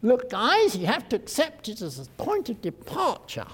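A man's voice: very high-pitched, huge pitch swings, moderate pace, fairly bright tone, breathy edge, long reverb tail, pitched above the performer's own voice, full character voice. A man briefly voicing a pompous young male theory critic, condescending and lecturing.

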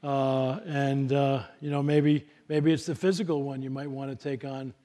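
A man's voice: medium pitch, little pitch movement, moderate pace, mellow. An older man giving a live talk to an audience, telling stories in a folksy way with many fillers and restarts. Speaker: speaker at a workshop.

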